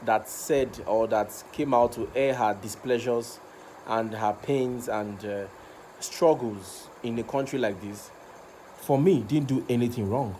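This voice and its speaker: Nigerian man, vlog rant, fired-up and repetitive, average pitch, faint background hiss. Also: measured pace, mellow. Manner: impassioned, repeats himself, stumbles over words. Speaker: vlogger. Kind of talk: passionate rant to camera.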